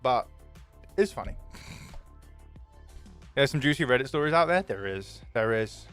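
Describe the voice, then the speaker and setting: A man's voice: mid-range voice, expressive, a bit bright, clean tone, faint music behind. A young man, chatting casually and jokingly with his stream viewers, swearing freely. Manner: chatty, jokey, quick to swear.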